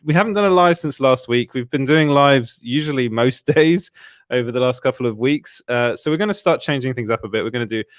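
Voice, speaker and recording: On his live show, a weary host rambles along casually, dropping lots of "uh"s and chuckling often. He speaks a little fast in a mid-range voice with lively intonation, recorded dry with clean studio sound.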